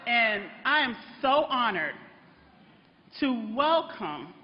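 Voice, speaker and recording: A woman's voice: on the high side, big pitch swings, takes it slowly, a little hiss or hum. A woman, earnestly reading a prepared introduction at a political rally. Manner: earnest, choking up with emotion. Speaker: rally speaker introducing the candidate. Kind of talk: prepared speech read at a rally. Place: large hall at a political rally. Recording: dull PA sound, reverberant hall, crowd behind.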